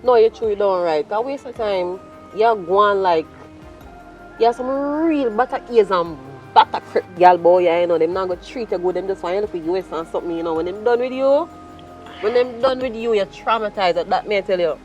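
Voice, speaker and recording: An actress with a Jamaican accent playing a brash, flirtatious bartender who taunts and scolds in heavy patois. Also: female voice, mid-range voice, brisk, darkish tone, muffled recording, faint music behind, natural voice. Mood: taunting. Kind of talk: web series acting.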